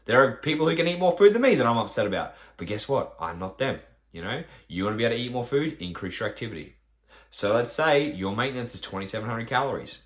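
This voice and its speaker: A man's voice: mid-range voice, fairly bright tone. A man, a fitness trainer, ranting bluntly on his podcast with lots of swearing and rhetorical questions.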